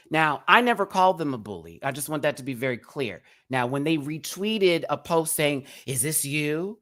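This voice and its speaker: A man's voice: on the high side, expressive, moderate pace, few pauses, pushed and bright. A man hosting a live review show who rants at a critic in a sassy, cutting way, throwing out pet names like sweetie and baby. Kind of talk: live confrontational rant to a critic.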